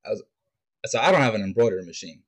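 Easygoing man with a lowish voice. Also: expressive. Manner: easygoing, halting, trails off. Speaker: podcast guest. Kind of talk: casual podcast chat.

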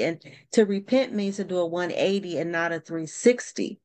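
A woman's voice: on the low side, moderate pace, a little mellow. Affirming woman hosting a faith talk. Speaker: podcast host. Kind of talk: conversational faith interview.

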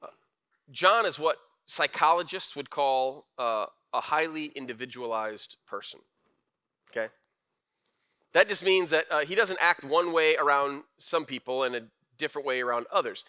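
A young man preaching a casual, conversational sermon with slang and animated asides. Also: fairly high pitch, normal speed, smooth. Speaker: pastor.

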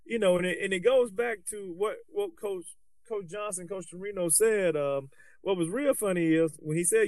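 A man's voice: sits high, normal speed, no room sound. A man co-hosting a podcast, talking casually and animatedly about coaching, with loose restarts. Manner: animated, colloquial, restarts often. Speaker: podcast co-host, basketball coach.

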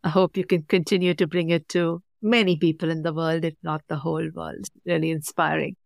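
A woman's voice: low voice, level tone, a little fast, creaky, dry recording, studio quality. Upbeat woman hosting a podcast. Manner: upbeat, encouraging. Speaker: podcast host. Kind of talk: podcast interview and scripted outro.

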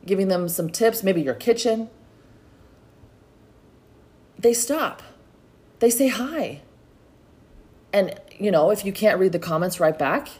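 On her solo podcast, a middle-aged host gives motivational talk in a chatty, supportive way, addressing listeners as "y'all." She speaks at a medium pitch with a darkish tone.

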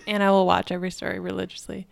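A young woman with a Minnesotan accent, co-hosting a podcast in animated, encouraging casual chat. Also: on the low side, racing, gravelly. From Minnesota, USA.

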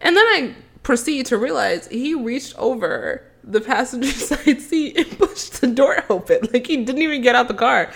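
A young woman co-hosting a podcast, telling a dating story in a casual, animated way, acting out the quotes and laughing often. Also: high-pitched, normal speed, creaky, few pauses, slight background noise. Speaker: podcast co-host.

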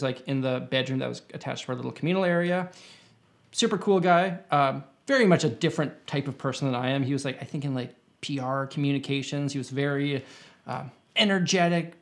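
A young man with a somewhat higher voice than most men, chatting casually. He tells a long, rambling story full of "like" and "um", and doubles back on himself often. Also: creaky. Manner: rambling anecdote with many fillers and restarts. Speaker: podcast guest.

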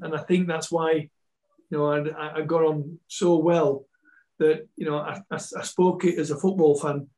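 Man, Yorkshire Scottish accent, football coach guest; rambling, self-repeating delivery, a touch high-pitched. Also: darkish tone, poor audio. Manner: rambling with many repeats and restarts. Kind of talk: casual chat, storytelling.

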